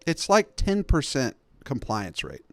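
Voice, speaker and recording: A man's voice: mid-range voice, huge pitch swings, measured pace, no room sound. A man hosting a podcast, telling a story in a chatty, sarcastic way and acting out the other people in it. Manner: chatty, sarcastic, acts out every character in the story. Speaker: podcast host. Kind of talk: casual comedic storytelling monologue.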